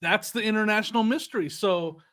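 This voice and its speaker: High-voiced joking man on a podcast. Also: brisk, a bit bright. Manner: joking, laughs at his own jokes. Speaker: podcast co-host. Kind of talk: casual podcast chat.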